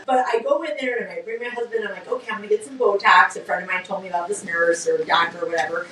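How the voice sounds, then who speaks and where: A middle-aged woman, a business co-founder, telling a story in a casual interview with lively laughter. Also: fairly low pitch, fast, distant mic. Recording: roomy sound from off-mic.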